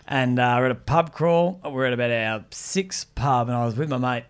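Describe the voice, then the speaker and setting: A man, a podcast host, telling stories in casual chat with an animated manner, often laughing. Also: mid-range voice, moderate pace, clean tone.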